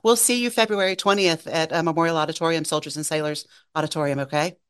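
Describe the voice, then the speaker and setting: A woman with a Tennessee drawl hosts a morning radio show, chatting easily with her guests in a lowish voice. Her talk is friendly and relaxed, like a casual interview. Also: quick pace. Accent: Southern US, Tennessee.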